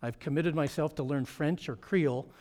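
A middle-aged man, a pastor, giving a lively report on a mission trip to his church. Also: fairly high pitch, normal speed. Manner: animated storytelling with frequent laughs.

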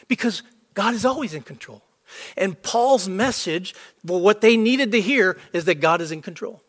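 A man preaching a sermon to a congregation, emphatic and repetitive for stress. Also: high-pitched. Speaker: pastor. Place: church sanctuary. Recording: long hall reverb.

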